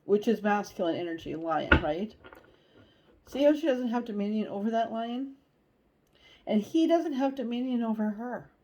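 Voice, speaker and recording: A woman giving a casual tarot reading, chatty and animated, blunt, and she swears now and then. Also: fairly high pitch, normal speed, dull audio, a little hiss or hum. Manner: chatty and animated, acts out inner voices. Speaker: tarot reader.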